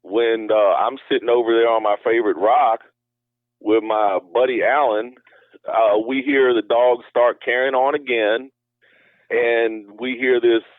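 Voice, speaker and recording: A man's voice: on the low side, no room sound. A man telling a story as an interview guest in a loose, rambling way, heard over a tinny phone line. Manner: rambling, many fillers and restarts. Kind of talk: casual storytelling.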